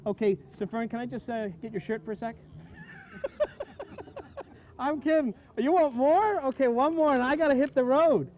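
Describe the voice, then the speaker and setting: A man's voice: extremely high pitch, fast, few pauses, a little mellow, slight background noise. A man hosting a live stream outdoors on a farm, chatty and full of exclamations. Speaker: host. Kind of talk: live-streamed casual chat.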